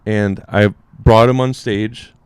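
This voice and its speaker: A man's voice: steady tone, slow pace, clean tone, dry recording. A young adult man, a guest comedian, tells a story in casual chat, rambling with fillers and acting out quotes. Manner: rambling, many fillers, acts out quotes in a higher voice.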